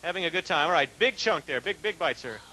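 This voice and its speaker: A man hosting a TV game show in a studio with a live audience, joking quickly with contestants. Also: on the high side, animated, pushed and bright. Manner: quick, playful banter with contestants.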